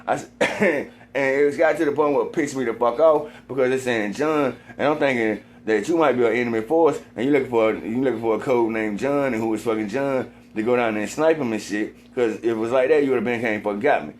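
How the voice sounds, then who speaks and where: A man in a rambling monologue, swearing constantly and repeating himself, sometimes getting heated and loud. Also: mid-range voice, a little fast, few pauses, a little hiss or hum. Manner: gets heated and loud at times.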